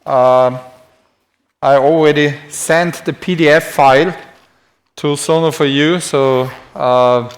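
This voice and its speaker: A man's voice: on the high side, fairly even intonation, slow. A man who speaks natively gives a live-streamed anatomy lecture in English, chatty and self-deprecating, writing on a board as he talks.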